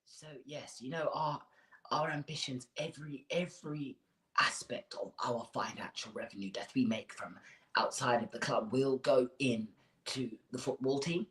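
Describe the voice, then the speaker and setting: Guy doing a mumbly evasive club boss, quiet and lower than his own voice, keeps tripping on words. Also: moderate pace, roomy sound, lightly acted. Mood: placating. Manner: hesitant, placating, stumbling over words. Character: evasive middle-aged male club chairman.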